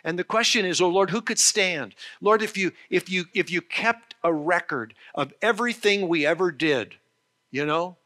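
Bright-voiced man preaching a sermon. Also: high-pitched. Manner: earnest, with frequent restarts and slow emphasis on key phrases. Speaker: pastor.

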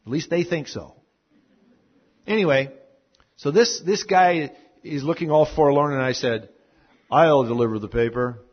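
A man preaching a sermon full of personal stories, animated at moments and then dropping to a hushed tone. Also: on the high side, measured pace, long pauses, slightly rough, highs cut off. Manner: animated storyteller who drops to a hushed tone. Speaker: pastor.

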